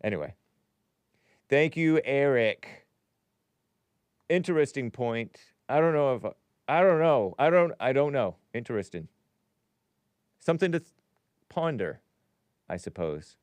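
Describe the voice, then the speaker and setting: A man's voice: medium pitch, expressive, measured pace, long pauses, darkish tone, clean tone, no echo. A man hosting a call-in talk show, musing aloud in a wry way and often trailing off.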